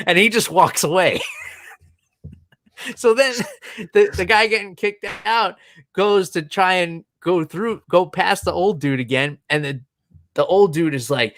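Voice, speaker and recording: A man's voice: on the high side, moderate pace, a bit bright, no room sound, clean studio sound. A man in his thirties co-hosting a podcast, telling a rambling story in casual chat and chuckling often as he goes. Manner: amused, rambling anecdote with frequent chuckles. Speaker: podcast co-host.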